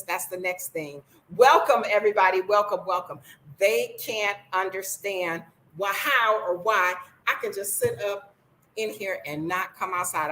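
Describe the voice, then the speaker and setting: A sharp-toned older woman from the US, blunt and sassy, talks casually in a vlog filmed at home. Her voice sits in the mid range, and the audio is poor.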